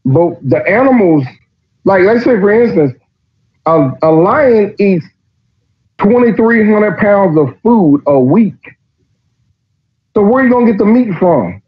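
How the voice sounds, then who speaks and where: Man, podcast host, profane mocking riffs, raspy voice, muffled lo-fi sound. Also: sits high, lively intonation, slow, pauses often. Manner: profane, mocking, reads passages aloud then riffs. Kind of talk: casual reading and commentary. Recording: dull lo-fi recording.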